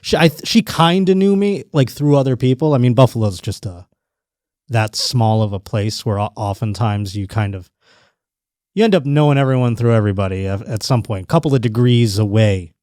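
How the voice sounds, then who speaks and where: A man's voice: mid-range voice, moderate pace, no room sound. Man telling a rambling story, dry sound. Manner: rambling, animated storytelling with restarts and quoted voices. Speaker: podcast host. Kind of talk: casual storytelling chat.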